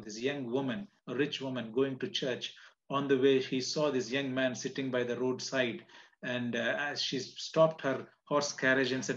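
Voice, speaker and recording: A man's voice: medium pitch, lo-fi sound. A man giving a sermon as a guest preacher, telling a story earnestly and repeating phrases for emphasis.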